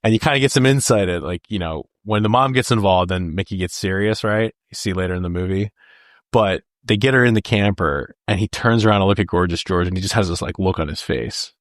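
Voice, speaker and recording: A man's voice: sits low, brisk, no echo, studio quality. A man co-hosting a podcast, chatting casually and enthusiastically about a movie, laughing often and using lots of filler words. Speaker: podcast co-host. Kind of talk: casual movie review chat.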